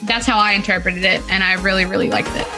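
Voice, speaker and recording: A woman's voice: medium pitch, steady tone, fast talker, pushed and bright, soft background music. A woman hosting a sports podcast, upbeat and friendly, reading a guest's career introduction. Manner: upbeat and friendly, reads player bio. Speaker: podcast host. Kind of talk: podcast interview, partly read intro.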